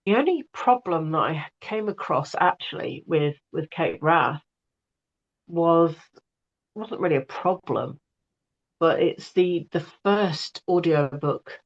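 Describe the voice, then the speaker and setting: A woman's voice: sits low, dull audio. A woman, an audiobook narrator, chatting in an interview and talking with many fillers and restarts. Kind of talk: casual interview chat.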